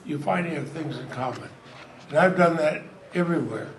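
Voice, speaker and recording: Older man, slightly high voice, folksy speech, echoey hall, audience noise. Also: moderate pace. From Vermont, US. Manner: folksy storytelling, chuckles through lines. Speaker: politician giving a speech. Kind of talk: anecdotal speech at a party event. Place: event hall.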